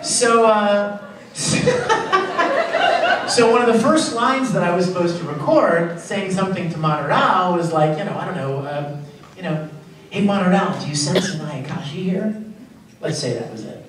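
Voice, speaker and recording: A man's voice: sits high, sing-song, a little slow. A man speaking as a voice actor guest at a convention panel, telling jokey stories and acting out the lines he quotes. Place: large convention hall, voice from far off. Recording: echoey hall, far from mic, loud crowd and noise.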